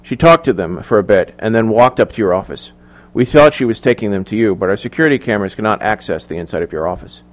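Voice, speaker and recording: A man's voice: lowish voice, lively intonation, quick pace, lightly acted. Man voicing a subdued, dutiful guard. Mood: subdued, formal. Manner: formal, reporting, subdued. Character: dutiful male security guard, tense.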